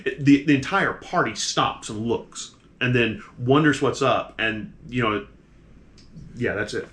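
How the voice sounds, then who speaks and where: A man narrating a tabletop game as game master, halting and restarting his sentences. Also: mid-range voice, a bit bright. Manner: halting, full of restarts and fillers.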